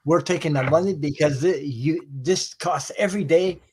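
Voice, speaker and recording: A man hosts a tarot livestream over a video call, speaking casually and bluntly with some mild swearing, repeating himself and letting sentences trail off, as in a relaxed group chat. His voice is fairly high, slightly mellow and a bit rough, at a normal speed.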